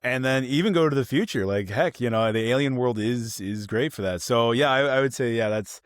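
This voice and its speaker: A man co-hosting a podcast, chatting casually about films and acting out the people in his stories with lively energy. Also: mid-range voice, brisk, no room sound, studio quality. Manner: animated storytelling, acts out quoted people. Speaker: podcast co-host. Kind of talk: casual film review chat.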